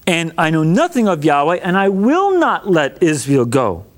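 A man playing a scornful king who brushes off the request with scoffing dismissal. The delivery is high-pitched and animated throughout. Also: normal speed.

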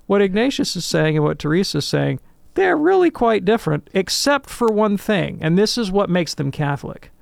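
A man in a call-in radio discussion, answering a listener's question in an animated, lecturing way and checking in with "right?". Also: sits high, moderate pace, creaky, hardly any pauses, no room sound.

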